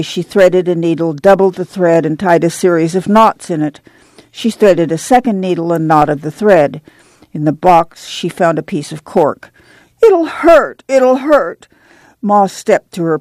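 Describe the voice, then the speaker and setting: A reader narrating a novel in a steady, measured storytelling manner. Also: mid-range voice, no echo. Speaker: audiobook narrator.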